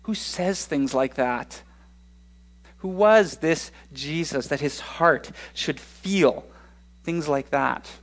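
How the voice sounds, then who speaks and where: A man delivers a sermon with a slightly high voice. He varies his pace, slowing down for emphasis and speeding up to move through the story. His delivery is expressive and earnest. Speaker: pastor.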